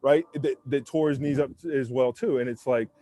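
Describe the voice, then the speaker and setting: A man's voice: mid-range voice, fairly even intonation, normal speed, mellow. A man in his forties, a former pro football lineman, tells candid stories in a casual interview on a windy rooftop. He talks in a laid-back way with plenty of "man" and "you know", and acts out other people's lines. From United States. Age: 40s.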